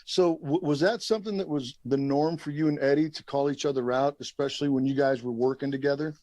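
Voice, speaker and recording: A man's voice: mid-range voice, steady tone, fast, warm tone, no room sound. A man hosting a podcast interview, asking long rambling questions with lots of fillers and some swearing. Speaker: podcast host. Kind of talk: casual interview.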